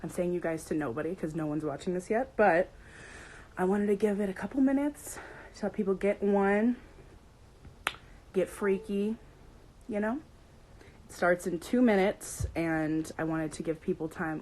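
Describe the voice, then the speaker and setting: Young woman chatting on a livestream, bubbly, shouts out viewers, super excited. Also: lowish voice, moderate pace, long pauses, poor audio. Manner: bubbly, greets viewers by name, playful shouts. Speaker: livestream host. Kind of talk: casual livestream chat.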